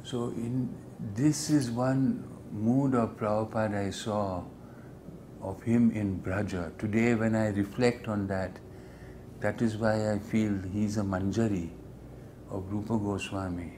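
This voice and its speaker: A man's voice: fairly low pitch, fairly even intonation, a little slow, dark tone, a little hiss or hum. An older man earnestly recounting a personal memory, sometimes acting out what others said with rising intensity. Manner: earnest, acts out quoted speech with rising intensity. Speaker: devotee sharing memories. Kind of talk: reflective storytelling.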